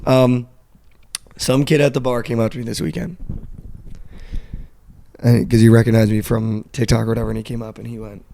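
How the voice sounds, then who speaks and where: Young man with a gravelly voice. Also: medium pitch, fairly quick, long pauses, a little hiss or hum. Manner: animated storyteller, swears, quotes people flatly. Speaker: podcast co-host. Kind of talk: casual sports betting chat.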